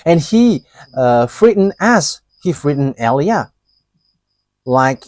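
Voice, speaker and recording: A man's voice: on the high side, big pitch swings, slow pace, darkish tone, no echo. A man giving a live religious teaching, talking hesitantly with many fillers and restarts and laughing often.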